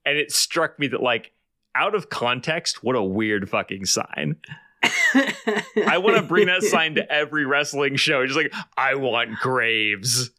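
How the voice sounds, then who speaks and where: Bright-voiced man podcast host, dry sound. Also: fairly high pitch, expressive, a little slow, dry recording. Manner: thoughtful, analytical, laid-back swearing. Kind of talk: casual chat.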